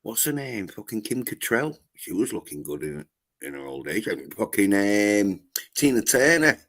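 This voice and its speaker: Halting man who swears constantly. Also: on the low side, sing-song, a bit bright. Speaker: podcast co-host. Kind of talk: casual crude banter.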